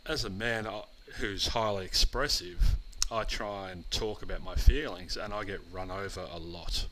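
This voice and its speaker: A man's voice: deep voice, moderate pace, a little hiss or hum, low-quality recording. A man co-hosting a podcast, talking frankly and expressively in casual chat. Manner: frank, expressive, uses blokey slang. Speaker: podcast co-host.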